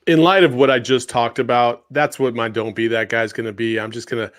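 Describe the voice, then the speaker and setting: A man's voice: medium pitch, steady tone, a little fast. A man hosting a podcast, talking in a laid-back way and laughing easily. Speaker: podcast host. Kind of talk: casual chat.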